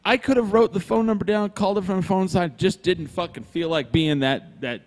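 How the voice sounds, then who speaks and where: A man's voice: high voice, brisk. A man telling a long, profane story in casual chat, acting out the other people's lines. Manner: profane, animated, acts out dialogue. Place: brewery.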